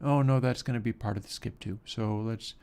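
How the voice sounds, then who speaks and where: Gravelly man musing through audio work. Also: lowish voice, a little fast. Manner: relaxed, musing, talks while working. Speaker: livestream host. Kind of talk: casual technical commentary.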